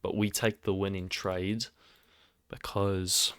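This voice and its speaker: Guy talking over his trading charts, hyped and sarcastic, smooth lowish voice, dry close mic. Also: takes it slowly. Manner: excitable, sarcastic and self-mocking. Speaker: trading video host. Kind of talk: casual screen-recorded commentary.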